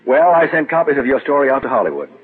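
An actor playing a brisk, businesslike publisher in 1940s radio acting, on a tinny old broadcast. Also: male voice, medium pitch, big pitch swings, husky. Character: brisk male publisher, confident.

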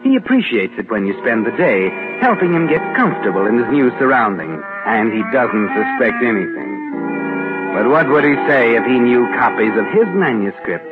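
A man's voice: mid-range voice, big pitch swings, normal speed, natural voice. A man voicing an ominous radio-drama narrator who mockingly taunts the hero in 1940s radio acting, on a tinny old broadcast with music. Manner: taunting, mocking second-person questions.

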